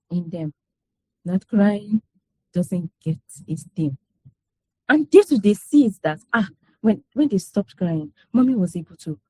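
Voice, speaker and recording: A woman's voice: medium pitch, no echo. A woman talking casually to a group about parenting, often checking in with "do you understand" and laughing as she tells stories. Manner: conversational, repeats herself, frequent "you know" and "do you understand". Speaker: parent speaker in a parenting session.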